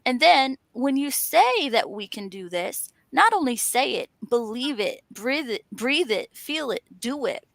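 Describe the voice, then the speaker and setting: A woman's voice: sits high, very animated, a little slow, vocal fry, hardly any pauses, dry recording. A woman talking in an earnest, encouraging way, stacking up emphatic lists. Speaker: author and panel host. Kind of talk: motivational casual chat.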